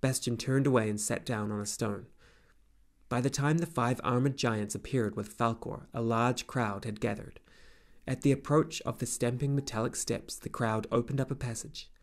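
A man reading a fantasy novel aloud as an audiobook narrator, in an even, measured way. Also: medium pitch. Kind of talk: scripted narration.

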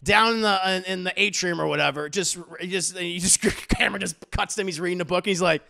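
A man casually recapping a TV episode, animated and profane, acting out the scenes as he goes. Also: high-pitched, brisk, vocal fry, slight background noise. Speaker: TV reviewer.

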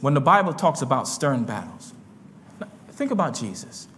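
A man preaching a sermon in a church, his delivery swinging between quiet murmurs and loud shouts. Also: medium pitch, sing-song, normal speed, long reverb tail, slight background noise. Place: church sanctuary.

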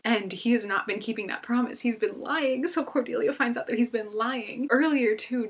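A young woman vlogging casually about a book she is reading, excitable and emotional as she gushes and frets. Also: on the low side, husky.

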